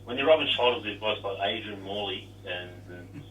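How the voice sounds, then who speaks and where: Brief man, ex-footballer guest, lower voice, bright edge, echoey remote line. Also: a little fast, recorded from a distance, a little hiss or hum. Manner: rambling, self-deprecating, many restarts. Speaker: former rugby league player, guest. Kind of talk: casual interview chat.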